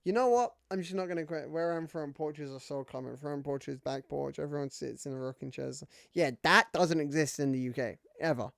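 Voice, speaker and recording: A male streamer chats casually while he plays, rambling through fillers and frequent swearing. His voice sits a little high, and the recording is dry and close. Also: a little fast, vocal fry, hardly any pauses, a bit bright, dry recording. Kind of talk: casual gaming stream chat.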